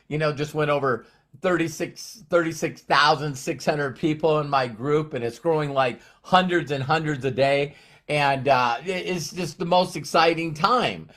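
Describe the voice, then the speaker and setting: A man with a fairly high voice gives a motivational talk on a live stream. He rambles, repeats words and restarts his sentences often. He is running on very little sleep. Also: fairly bright tone. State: short on sleep. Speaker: motivational speaker.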